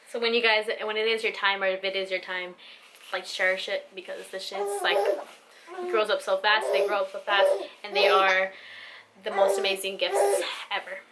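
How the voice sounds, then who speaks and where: Against background noise, a young woman with a medium-pitched voice talks candidly to camera. A vlogger and new mother, she speaks from the heart, swears casually, and fills her talk with "like" and "you know."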